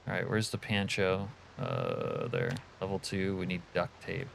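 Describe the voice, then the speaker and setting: A man with a low voice gives loose, casual commentary on his game, replying to chat between mutters. He swears freely. A faint hiss of noise sits behind him. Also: huge pitch swings, a little slow, creaky, fairly bright tone. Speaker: streamer.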